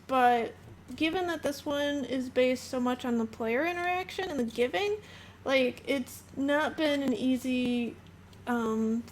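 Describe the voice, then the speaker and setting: A woman's voice: high voice, a little hiss or hum. A woman game designer answering interview questions in an earnest, filler-heavy way. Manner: earnest, many "um"s and "like"s.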